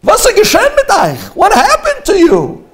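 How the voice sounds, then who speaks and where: A man voicing an old, anguished Jewish father who pleads and repeats himself in a high, strained voice. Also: huge pitch swings, normal speed, exaggerated voice. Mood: frantic.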